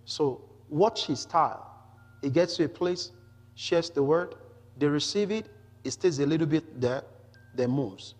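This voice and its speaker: A man preaching a Bible teaching sermon, reading scripture aloud with rising emphasis and pausing to explain it, often saying hallelujah. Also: on the high side, a little mellow, long reverb tail, faint music behind. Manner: peppers talk with "glory to Jesus" and "hallelujah".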